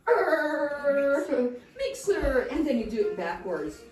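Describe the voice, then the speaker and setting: A woman from the Philippines, an English teacher leading toddlers through phonics action songs with a sing-song, animated delivery. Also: sits high, slow pace, far from the mic. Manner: sing-song, animated, sound effects and chants. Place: classroom. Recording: echoey room, voice from afar, music behind.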